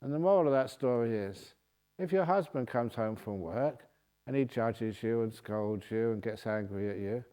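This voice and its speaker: Monk guy doing a funny q&a talk, cracks himself up, medium pitch voice. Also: moderate pace, dark tone, clear, resonant tone. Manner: jovial storytelling, laughing at his own jokes. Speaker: Buddhist monk and teacher. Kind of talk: humorous dharma Q&A talk. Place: meditation retreat hall.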